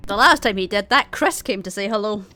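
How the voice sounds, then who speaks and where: A young woman running a tabletop game as game master, casual and quick to laugh. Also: medium pitch, animated. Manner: giggly, casual, swears freely.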